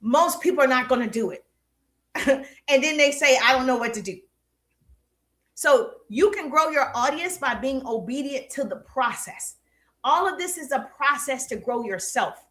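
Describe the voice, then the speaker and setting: A woman's voice: high-pitched, expressive, normal speed, a bit bright. A woman marketing coach giving an emphatic, playfully sarcastic motivational lesson. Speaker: social media marketing coach. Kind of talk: live motivational teaching talk.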